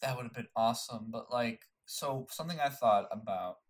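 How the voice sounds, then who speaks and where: A young man co-hosting a casual movie chat, relaxed and musing, often restarting his thoughts. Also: medium pitch, normal speed.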